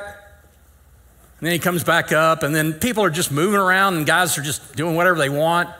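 Speaking at normal speed in a fairly high, sharp voice, a middle-aged pastor tells a humorous, folksy story as part of a sermon. He plays out the dialogue and leans on self-deprecating humor.

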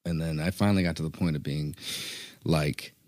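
A man co-hosting a podcast, thinking aloud in a casual, animated way and often checking in with "you know what I mean?". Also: a bass voice, fairly quick, no room sound, studio quality. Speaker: podcast co-host. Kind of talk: casual chat.

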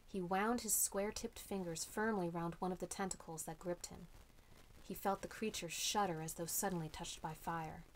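A woman reads a storybook aloud in a steady, measured way. Her voice sits a little low. A faint hiss runs under the recording. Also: poor audio. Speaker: audiobook reader. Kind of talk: storybook narration.

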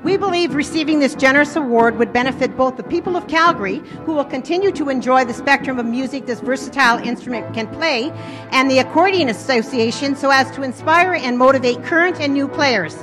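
A woman giving a timed pitch for a community group at a live event, talking quickly like an auctioneer. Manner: fast, brisk delivery, talking like an auctioneer. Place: indoor event space with an audience.

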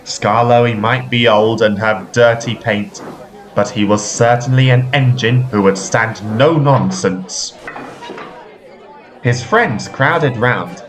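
A man reading a children's railway storybook aloud in a slow, expressive storytelling manner. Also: mid-range voice, some chatter behind. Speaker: storybook reader. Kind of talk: storybook narration.

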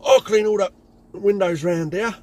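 A man's voice: high-pitched, sing-song, a little fast, husky, voice pushed up, exaggerated voice. A man voicing an aggressive rival window cleaner who is blunt and confrontational.

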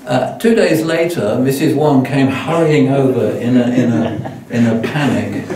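A man's voice: medium pitch, unhurried, crowd noise. An older man preaching as a guest, telling a self-deprecating story with many restarts. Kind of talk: sermon with anecdotes. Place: church hall. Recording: echoey church hall from far off.

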